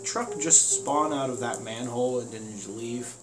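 A man hosting a let's play, talking loudly and excitably and swearing a lot as he plays. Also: mid-range voice, moderate pace. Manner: loud, excitable, heavy swearing. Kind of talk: gaming commentary. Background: game music.

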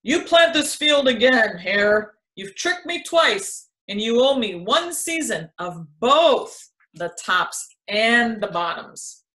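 A woman reads as a lazy, grumpy male bear from a storybook, slow and indignant at being fooled again. The voice is bright and forceful, with a complaining edge. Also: on the high side, lively intonation, echoey room, full character voice.

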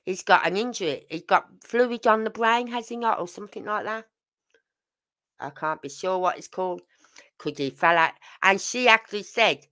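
A woman's voice: medium pitch, moderate pace, bright, forceful tone. An older woman, hosting a true crime channel and giving casual, emphatic commentary full of rhetorical questions.

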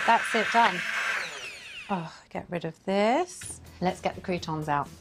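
Chatty woman cooking on camera. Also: mid-range voice. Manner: chatty, enthusiastic, talks while cooking. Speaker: cooking show host. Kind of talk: cooking demonstration and quick-fire interview.

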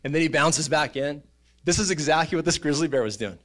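A man, preaching a sermon in a church, telling stories in an animated way and acting out voices and sounds. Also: on the high side, a little fast. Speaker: pastor. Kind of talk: casual sermon storytelling. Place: church auditorium.

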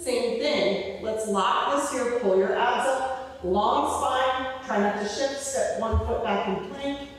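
Recorded far from the mic in an echoey hall, a young woman physical therapist instructs a floor exercise class at home. Her voice is a little high and her pace slow; she stays encouraging, calls out rep counts and cues breathing, though she's slightly breathless.

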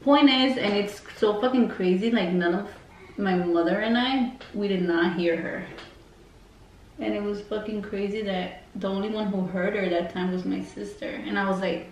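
A woman's voice: mid-range voice, moderate pace. A woman vlogger telling a story casually, rambling with lots of fillers and swearing. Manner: rambling and heavily profane, full of fillers. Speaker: beauty vlogger. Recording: roomy, distant mic, faint noise.

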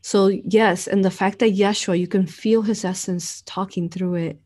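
A woman's voice: medium pitch, steady tone, normal speed, a little mellow. A woman author talking earnestly and affirmingly about spiritual ideas in her book.

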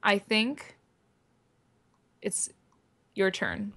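A woman's voice: medium pitch, very animated, extremely slow, sharp tone. A woman guest on a board game stream, chatting casually with lots of "like"s and hedges. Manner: chatty, hedging, filler-heavy. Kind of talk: casual chat while playing a board game.

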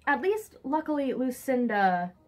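A woman's voice: high-pitched, sing-song, measured pace, a little mellow. A woman reading a romance novel aloud on her vlog and breaking off for wry, sarcastic asides. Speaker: book vlogger.

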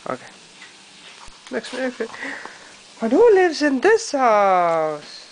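A parent reading to a baby, a woman coaxes the little one to pick picture books, making animal sounds in baby talk. Her fairly high, sing-song voice moves slowly with frequent pauses, in a rough recording with slight background noise.

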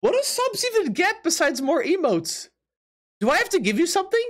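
A man's voice: very high-pitched, very animated, brisk, a bit bright. A man streaming live from his apartment, chatting casually with viewers, laughing often and reacting in disbelief while teasing his chat.

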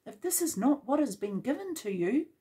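A woman's voice: high-pitched, big pitch swings, moderate pace, warm tone. A woman giving a tarot reading, speaking encouragingly and directly to her viewers with lots of repetition. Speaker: tarot reader.

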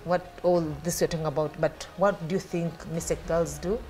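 A woman's voice: lowish voice, steady tone, normal speed, a little mellow, soft background music. A woman with a Ugandan accent hosting a talk show, asking probing questions. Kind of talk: casual interview chat.

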